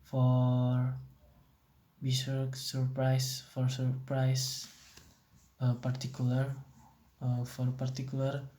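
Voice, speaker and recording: A young man giving a class assignment presentation as a student, reading in a hesitant, halting way with restarts. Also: mid-range voice, completely flat delivery, warm tone.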